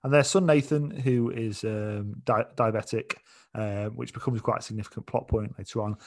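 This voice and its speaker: A man's voice: lowish voice, fairly even intonation, moderate pace. A man co-hosting a podcast, chatting easily about a film and laughing along. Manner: laughing, easygoing, meandering. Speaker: podcast co-host. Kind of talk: casual film chat.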